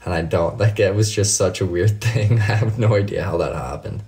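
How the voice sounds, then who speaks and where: Low-voiced man chatting on a live stream. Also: normal speed, darkish tone. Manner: profane, laid-back storytelling, answers chat by name. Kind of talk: casual live stream chat.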